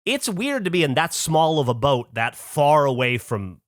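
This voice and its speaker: A man hosting a podcast who tells a story in casual chat. He is animated, swears casually and acts out other people's lines. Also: on the high side, moderate pace, dry recording, clean studio sound. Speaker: podcast host.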